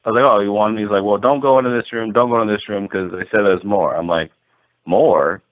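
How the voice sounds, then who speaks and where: Over a thin, phone-like connection, a man with a lowish voice talks quickly as a guest, a landlord spinning a loose, wandering tale. He peppers it with "like" and performs the quotes with plenty of animation.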